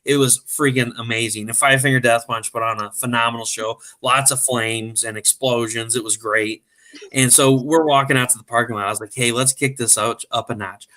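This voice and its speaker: A male host tells a funny story in a relaxed, chatty way. His voice is bright and of middle pitch. He keeps an animated, joking energy throughout. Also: a little fast. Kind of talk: casual storytelling.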